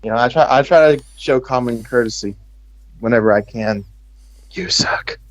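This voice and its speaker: A man's voice: mid-range voice, brisk, rough recording. A man from Texas speaking with an American accent, rambling and joking sarcastically in casual chat.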